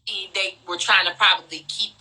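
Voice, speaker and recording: A woman's voice: mid-range voice, steady tone, fairly quick, sharp tone, breathy edge, low-quality recording. A woman co-hosting a casual reality TV chat, talking loosely with lots of "like" and "um" fillers. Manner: chatty, frequent "like" and "um" fillers. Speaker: podcast co-host.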